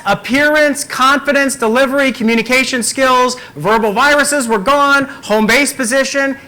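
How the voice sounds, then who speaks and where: A man giving a conference keynote as a communication coach, talking in an energetic, emphatic way. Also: very high voice, poor audio.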